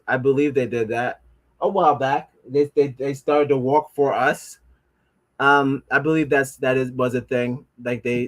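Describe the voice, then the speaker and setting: A man streaming live, rambling and stumbling over words as he reads aloud, with mocking, sarcastic remarks. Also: on the low side. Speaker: livestreamer. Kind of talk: casual livestream commentary.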